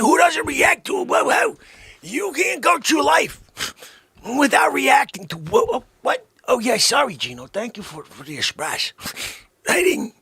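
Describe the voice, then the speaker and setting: A man hosting a comedic vlog, excitable and rambling, swinging from shouts down to whispers. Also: extremely high pitch, vocal fry, husky, dry recording, clean studio sound. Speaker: host.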